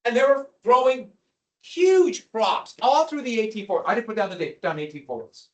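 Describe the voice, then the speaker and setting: A man teaching a history lecture to a class, animated and quizzing students as he goes. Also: high-pitched, normal speed. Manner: animated, asks the class questions. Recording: echoey classroom from far off.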